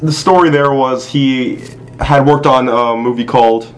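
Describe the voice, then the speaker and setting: A man's voice: medium pitch, fairly even intonation, measured pace. Joking male podcast host. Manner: joking, laughs while telling stories. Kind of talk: casual chat.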